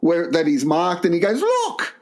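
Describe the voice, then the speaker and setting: A man's voice: fairly high pitch, moderate pace. Man rambling through crude comedy stories. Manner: rambling, deadpan anecdote telling with crude jokes. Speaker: podcast co-host. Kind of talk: crude comedy podcast storytelling.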